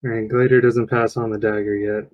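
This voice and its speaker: A man's voice: lowish voice, level tone, normal speed, muffled recording. A man playing a tabletop role-playing game, talking casually, thinking aloud and swearing when things go wrong.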